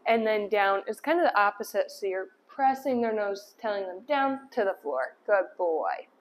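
In an indoor room, a woman training a dog talks through each step while issuing short commands and praise. Her mid-range voice is animated at a moderate pace, with a little hiss or hum in the recording, and she pairs firm cues with upbeat praise.

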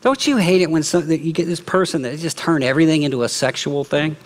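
A middle-aged man preaching a sermon as lead pastor, lively, often acting out quoted remarks. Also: a little high, fast. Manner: animated, acts out quoted speech. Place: church.

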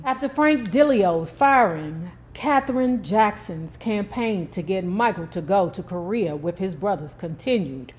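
A woman's voice: fairly low pitch, darkish tone. Woman narrating a story with casual asides. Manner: casual, emphatic commentary between readings.

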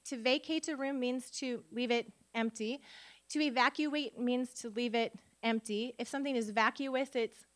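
A woman's voice: a little high, fairly even intonation, normal speed. A woman at a conference workshop who leads the audience through spelling dictation, sounding words out syllable by syllable and asking them questions. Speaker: literacy teacher and conference speaker. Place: conference room before an audience.

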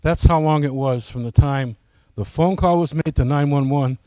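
A man's voice: on the high side, moderate pace, dark tone, dry recording. A man giving a casual, folksy presentation to his flying club, often asking the audience questions.

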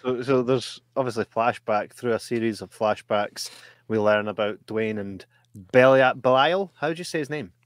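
A man, co-hosting a casual podcast film review, chatty and quick to laugh. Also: medium pitch, no room sound. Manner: chatty, laughs often, swears. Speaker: podcast co-host.

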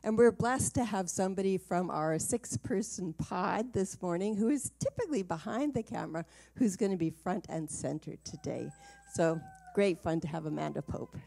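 Woman, minister, low voice, mellow tone, chatty, laughs easily. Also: moderate pace, vocal fry. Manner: chatty and warm-hearted, laughs easily, light fillers. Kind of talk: livestream church service talk. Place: small home worship space.

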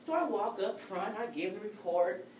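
A woman telling a personal story to a speaking club, animated and playful. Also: mid-range voice, normal speed, slight background noise. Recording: echoey room, distant mic, faint ambience.

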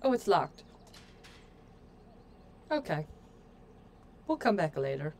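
A woman's voice: low voice, sing-song, slow pace, darkish tone, a little hiss or hum. Chatty woman streaming a game. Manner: chatty and playful, talks to viewers. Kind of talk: casual gameplay commentary.

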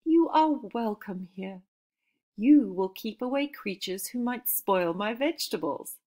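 A woman voicing a kind, gentle young woman who speaks tenderly. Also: medium pitch, animated, unhurried. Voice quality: light and tender.

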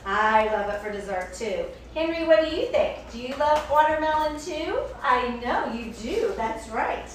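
A woman's voice: high-pitched, measured pace, few pauses. A woman hosting a children's show, playfully reading a picture book aloud and chatting with a puppet and the young viewers. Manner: animated, playful, talks to a puppet and the kids. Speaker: children's story reader and show host. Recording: echoey room, distant mic, faint hiss.

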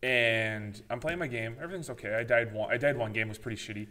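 A man co-hosting a podcast, casually chatting about games and telling animated stories, swearing freely and acting out his own reactions. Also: medium pitch, fast talker. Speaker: podcast co-host. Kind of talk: casual gaming chat.

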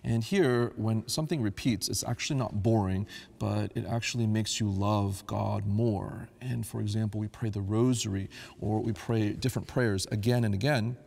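A devout priest explains sacred chant in an earnest teaching voice. His low voice has a gravelly edge, and it rings with a long reverb like a stone church. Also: moderate pace, darkish tone. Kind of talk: teaching talk on liturgical chant.

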